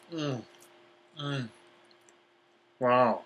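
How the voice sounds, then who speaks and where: A man eating on camera in a casual vlog, excited about his food, talking with his mouth full between lots of appreciative mm sounds. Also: mid-range voice, slow pace, long pauses, slight background noise. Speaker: vlogger.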